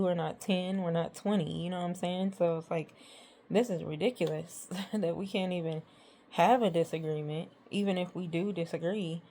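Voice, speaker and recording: A woman's voice: fairly low pitch, dark tone, slight background noise. A woman vlogger telling a storytime about arguments with her partner, rambling and exasperated as she retells what was said. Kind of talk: casual storytime monologue.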